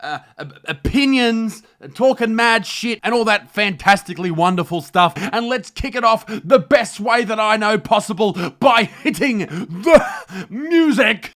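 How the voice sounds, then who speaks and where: Brash, bright-voiced Australian man ranting. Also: high voice, animated, measured pace. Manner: loud, brash and crude ranting. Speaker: comedy vlog host. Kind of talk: mock news comedy rant.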